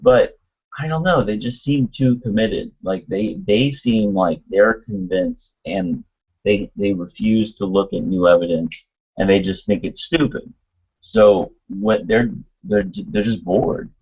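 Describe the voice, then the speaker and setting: Husky low-voiced man rambling on a call. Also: measured pace. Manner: rambling, many fillers and restarts. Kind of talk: casual online call chat. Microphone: computer mic on a video call. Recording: dull lo-fi online call audio.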